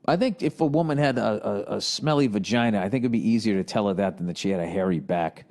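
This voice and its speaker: A man's voice: on the low side, quick pace, darkish tone. A man hosting a podcast, reading listener questions aloud and riffing on them in a profane, exasperated comedic rant. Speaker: podcast host. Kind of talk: ranting comedic monologue.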